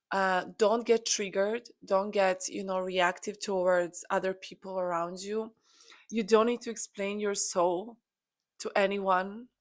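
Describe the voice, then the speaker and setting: A woman channeling a spiritual message to her viewers, earnest and encouraging, with frequent fillers. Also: medium pitch. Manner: earnest, encouraging, many "you know" fillers.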